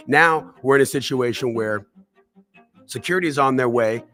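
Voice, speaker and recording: A man speaking as a motivational speaker, recounting a personal story with dramatic pauses and by voicing the people in it. His voice sits at an ordinary middle pitch, and soft music plays faintly underneath.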